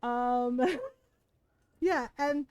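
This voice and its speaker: A woman's voice: on the high side, steady tone, very slow, a little mellow, clean tone, dry recording, lo-fi sound. A woman in her forties, streaming a game and telling a story in a blunt, casual way, swearing freely and laughing often.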